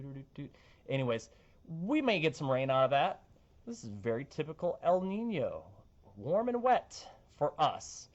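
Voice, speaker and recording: With the highs cut off, you hear a young man's mid-range voice. He's a TV meteorologist chatting casually through the forecast with playful jokes along the way.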